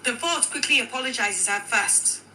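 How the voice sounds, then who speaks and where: A woman with a Nigerian accent, telling her own account as a widow, animated and quoting others in dialogue. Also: a little high, moderate pace, a little hiss or hum, low-quality recording. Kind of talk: emotional personal account.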